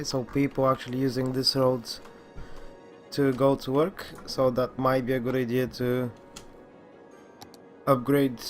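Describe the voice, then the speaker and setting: A man with a groggy morning voice giving casual commentary as he plays a city-building game, talking at an unhurried pace and often restarting his sentences. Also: mid-range voice. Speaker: gaming channel host.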